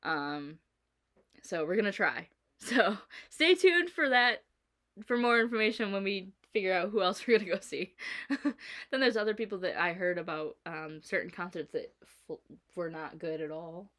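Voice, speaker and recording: A woman's voice: fairly low pitch, normal speed. Chatty woman telling a story. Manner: chatty storytelling, frequent laughs, animated quoting. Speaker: vlogger. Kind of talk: casual chat. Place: indoors at home.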